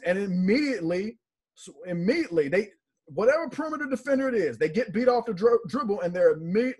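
Man, sports podcast co-host, husky voice, high pitch, emphatic analysis. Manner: animated, emphatic, repeats words for stress.

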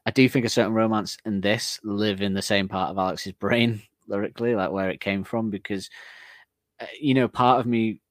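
A lower-pitched man co-hosting a casual music podcast, talking in long rambling stretches with frequent laughs. He comes across as self-deprecating. The sound is close and dry. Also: fairly even intonation, normal speed, no echo. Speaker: podcast co-host.

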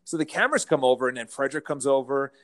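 A man, a real estate broker, telling stories as a guest in a casual interview, lively and laughing as he goes. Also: medium pitch, very fast. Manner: animated, acts out quotes, laughs while telling stories.

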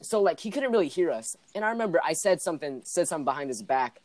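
A woman's voice: deep voice, fast talker, over a noisy crowd. A young woman hosting a podcast and telling stories in a casual chat, full of swearing. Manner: animated storyteller, swears freely. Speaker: podcast host.

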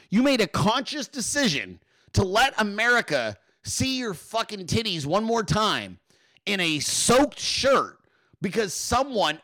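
Mocking, profane man with a bright, lively voice. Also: sits high. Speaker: podcast host. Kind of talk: ranting political commentary.

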